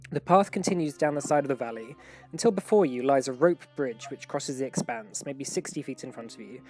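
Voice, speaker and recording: A man narrating a tabletop game as game master, relaxed and rambling, with many fillers. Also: mid-range voice, brisk, faint music behind.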